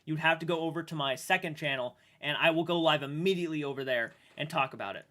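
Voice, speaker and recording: A man streaming live and chatting with viewers, emotional and halting, restarting sentences and swearing now and then while sounding shaken. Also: on the high side, sharp tone. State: shaken and upset. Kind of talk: livestream chat with viewers.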